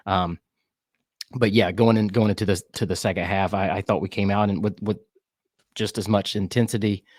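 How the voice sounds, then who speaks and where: A man with a Southern US accent co-hosting a soccer podcast, breaking down match plays in a relaxed, rambling way with fillers and restarts. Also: fairly low pitch, moderate pace, no room sound, clean studio sound. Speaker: podcast co-host. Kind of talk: casual sports chat.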